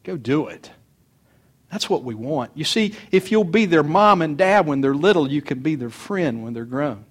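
A man's voice: on the high side, lively intonation, moderate pace, hardly any pauses, a bit bright. An older man, a pastor, preaching a sermon to parents in an earnest, folksy way, mixing homespun stories from his own family with plain advice.

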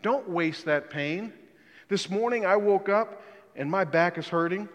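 Earnest preacher in an echoing hall. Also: male voice, a little slow. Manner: earnest and emphatic, often drops to a quiet, low voice for stress. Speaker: pastor. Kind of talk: sermon. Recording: long reverb of a large hall.

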